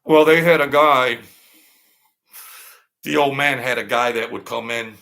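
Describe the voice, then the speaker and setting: Gravelly, bright male storyteller, blunt and streetwise, rambles and repeats. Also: medium pitch, a little slow. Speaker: storyteller recounting mob-era experiences.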